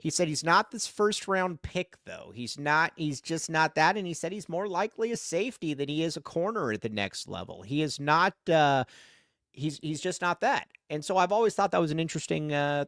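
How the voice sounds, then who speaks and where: A man co-hosting a casual sports podcast livestream, talking in an excitable way and reading viewer comments aloud. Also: a little high, moderate pace, no echo, clean studio sound. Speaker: podcast co-host.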